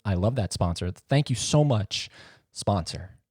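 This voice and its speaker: A man's voice: lowish voice, animated, unhurried, darkish tone, slightly rough, dry recording. A man hosting a solo podcast, talking in a rambling, jokey and self-mocking way into a close mic. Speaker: podcast host. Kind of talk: casual solo podcast monologue.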